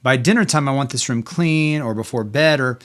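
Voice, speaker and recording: A middle-aged man hosting a faith-based parenting talk. His pitch sits in an ordinary middle range, and he speaks in an earnest, encouraging, conversational manner. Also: moderate pace, a bit bright. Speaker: podcast host.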